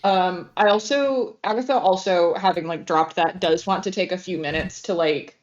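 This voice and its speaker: A woman's voice: on the low side, normal speed. A woman playing a tabletop game, talking with many fillers and restarts. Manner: hesitant, full of fillers and restarts. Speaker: player. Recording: dull lo-fi audio.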